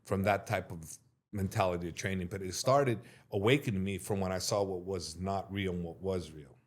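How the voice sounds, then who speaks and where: A middle-aged man, a martial arts coach being interviewed, telling stories in a lively way and acting out what others said. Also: low-pitched, brisk. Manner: animated storyteller who acts out quotes loudly. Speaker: MMA coach, interview guest. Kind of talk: storytelling in an interview.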